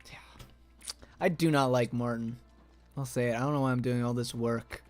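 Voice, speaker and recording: A man streaming a game live, chatting to his viewers, swearing often and breaking into sudden loud outbursts. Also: medium pitch, steady tone, normal speed, soft background music. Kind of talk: live gameplay stream chat.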